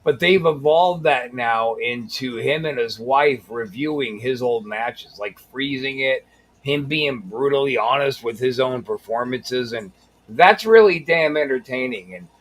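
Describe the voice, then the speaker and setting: A man's voice: mid-range voice, unhurried, fairly bright tone. A man co-hosting a podcast, chatting casually about videos in a blunt, crude and enthusiastic way. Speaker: podcast co-host. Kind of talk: casual chat reacting to videos.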